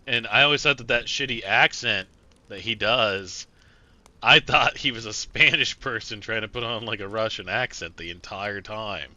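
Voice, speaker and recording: A man's voice: on the low side, normal speed, pushed and bright. A man streaming a survival role-play game, chatting casually and rambling with plenty of swearing and fillers. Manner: rambling and profane, many fillers and restarts. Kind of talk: casual gameplay commentary.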